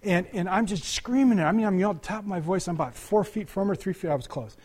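A man's voice: high voice, fast, darkish tone. An older man preaching a conversational sermon, talking to the congregation with frequent asides and restarts. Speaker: pastor.

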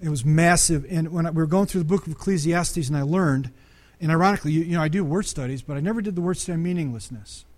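A middle-aged man preaching a sermon, conversational and animated, with frequent restarts and sudden loud peaks. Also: a little high, fast. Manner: restarts and repeats words often. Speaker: pastor.

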